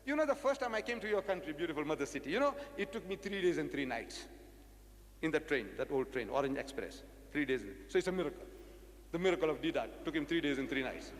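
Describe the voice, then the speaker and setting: A South African man delivers a public lecture with a lively, high-pitched voice that leaps up and down. He is animated and rhetorical, hammering points home through repetition. The sound carries a long reverb from the hall. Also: fast. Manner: animated, rhetorical, repeats phrases for emphasis.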